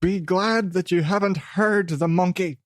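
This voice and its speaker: A gruff, theatrical male voice with a put-on Scottish-ish brogue, done by a podcast host, sitting higher than his everyday talk. It is recorded dry and close, and it rambles with manic showmanship. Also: unhurried, no echo.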